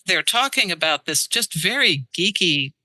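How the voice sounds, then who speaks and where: A woman translator, a guest on a podcast, explaining in an animated way and tapping out verse rhythms aloud. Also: fairly low pitch, moderate pace, no echo, poor audio. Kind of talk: casual podcast interview. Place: studio.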